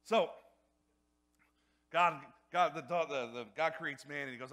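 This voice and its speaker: A male pastor preaching a sermon in a church, energetic and repetitive, often building to loud emphasis. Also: on the high side, slow, long pauses.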